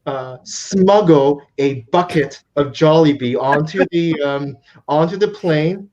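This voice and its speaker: A man's voice: on the high side, slow pace, darkish tone, dull audio. A man telling a travel anecdote in a casual chat, hesitant with many fillers. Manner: hesitant, lots of uhs and ums. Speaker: panelist. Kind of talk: casual storytelling.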